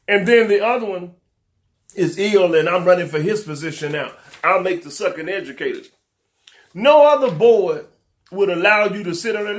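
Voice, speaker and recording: An older man giving fiery, preacher-like commentary, drawing out words for emphasis and slipping into rough vernacular. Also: sits high. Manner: preacher-like cadence, drawn-out emphasis, repetition. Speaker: talk show host. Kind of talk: impassioned commentary to camera.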